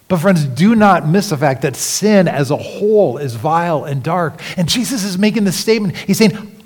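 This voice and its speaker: A male pastor preaching with earnest conviction, his somewhat high voice swinging between hushed, near-whispered phrases and emphatic, rising appeals. The sound carries a long reverb from the church sanctuary around him. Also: lively intonation, moderate pace, slightly rough. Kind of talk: sermon.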